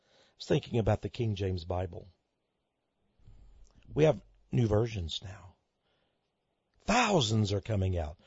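Guy preaching a sermon, big loud bursts then drops to quiet, kinda husky, dull old recording. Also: mid-range voice, very animated, moderate pace, no echo. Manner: dramatic, swinging between loud outbursts and hushed asides; addresses listeners as friends.

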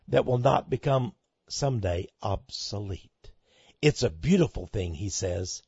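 A man preaching a sermon to listeners he calls friends, swinging between loud outbursts and hushed asides. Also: fairly low pitch, expressive, a little slow, husky, no echo. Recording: dull lo-fi recording.

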